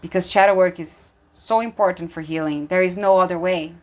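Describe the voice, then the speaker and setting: A woman's voice: lowish voice, steady tone, a little fast. A woman giving an intuitive tarot reading, speaking earnestly and emphatically, with many fillers and restarts, and audibly moved. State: emotional, moved. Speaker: tarot reader.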